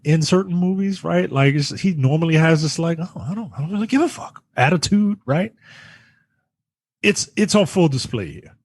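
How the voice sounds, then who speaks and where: A man's voice: on the high side, darkish tone, no room sound. A man reviewing a movie in a casual podcast chat, blunt and slangy, hammering his points home by repeating them.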